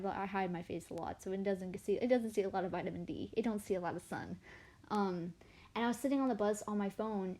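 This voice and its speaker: Young woman, late teens, livestream chat while drawing, rambling stories, self-deprecating, animated ups and downs. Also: mid-range voice. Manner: chatty and animated, voice swinging up and down. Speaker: artist livestreamer.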